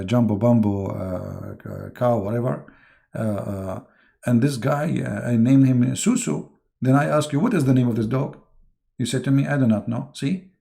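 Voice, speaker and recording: A man hosting a livestream, giving mocking commentary in a halting way, with many fillers and sudden jumps into put-on voices. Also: medium pitch, vocal fry, warm tone. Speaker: online religious debater and host.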